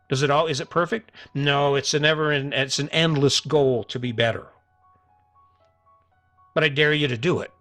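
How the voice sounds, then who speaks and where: Over faint background music, a middle-aged podcast host delivers a motivational monologue alone, talking to listeners in an earnest, casual way full of repetition and restarted sentences. His somewhat high voice stays fairly even in intonation, with a fairly bright tone, a moderate pace and long pauses.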